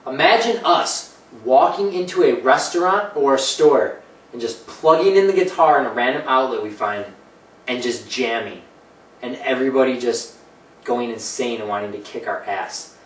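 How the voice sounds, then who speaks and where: This gaming-show host has an expressive mid-range voice and a moderate pace. Casual and comedic, he rambles, cracks jokes, and keeps dropping into put-on voices. The room is echoey, the mic distant, and faint ambience is present.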